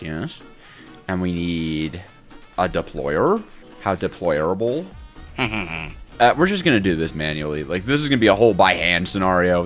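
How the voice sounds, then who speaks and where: A man giving let's play commentary as a gaming creator, excitable and thinking aloud while he plays, talking to himself and often breaking into laughter. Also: low-pitched. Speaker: gaming YouTuber.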